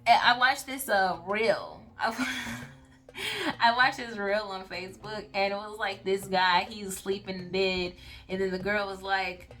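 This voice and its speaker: Bright-voiced woman giving a chatty reading. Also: mid-range voice, a little slow, faint music behind. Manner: chatty, rambling, fills with "like" and "okay?". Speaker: intuitive reader. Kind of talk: casual channeled reading to camera.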